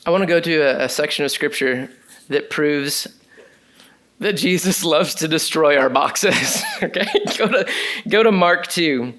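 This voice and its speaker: A man preaching a sermon in a conversational, animated way, reading scripture and talking to the congregation with many casual fillers. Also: a little high, measured pace.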